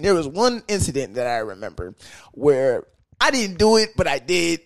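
A young man hosting a podcast, talking in a crude, animated, comedic monologue that keeps jumping into high sing-song bits. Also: moderate pace, dry recording. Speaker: podcast host.

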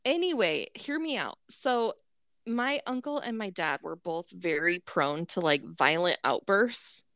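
A woman's voice: lowish voice, animated, measured pace, fairly bright tone, no echo, clean studio sound. A woman casually telling a long family story, full of "like" and laughing as she goes. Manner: rambling, lots of "like", laughs mid-sentence. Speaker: podcast co-host telling a story.

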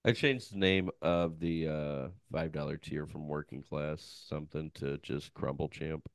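Gravelly man cracking deadpan jokes. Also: rumbling low, unhurried, dry recording, clean studio sound. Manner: deadpan, joking asides. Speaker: podcast co-host. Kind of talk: casual chat.

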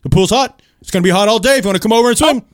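A man putting on the voice of his pushy neighbor, who shouts over the fence and talks with puckered lips. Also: high-pitched, very fast, dry recording, clean studio sound, pitched above the performer's own voice, natural voice. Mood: eager. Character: eager pushy middle-aged male neighbor.

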